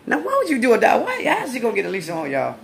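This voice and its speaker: A woman, vlogging at home on her phone in loud, profane, laughing banter. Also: on the high side, huge pitch swings, fast talker, gravelly, crowd noise. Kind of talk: casual home vlog. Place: home, indoors then outdoors at night.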